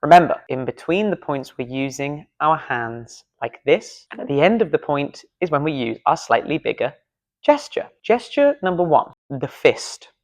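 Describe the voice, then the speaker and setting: A man's voice: fairly high pitch, very animated, normal speed. A man coaching public speaking in a casual video lesson, playful and self-deprecating, demonstrating gestures as he talks in a studio.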